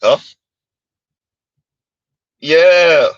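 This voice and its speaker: A man's voice: on the high side, very slow, no room sound, muffled recording. A man hosting a reaction commentary, brash and teasing, with punchy asides. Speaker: commentary host.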